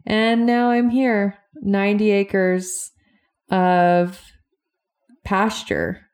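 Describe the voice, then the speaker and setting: Slow-talking, chatty woman podcast host. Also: medium pitch, little pitch movement, darkish tone. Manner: chatty, upbeat, addresses listeners directly. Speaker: podcast host and relationship coach. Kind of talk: casual podcast monologue.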